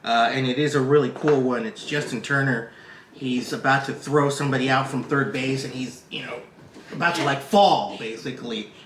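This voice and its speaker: A podcast co-host tells a story in casual chat, animated and profane, acting out other people's lines in a raised voice. His mid-range voice moves at normal speed in an echoey room with slight background noise.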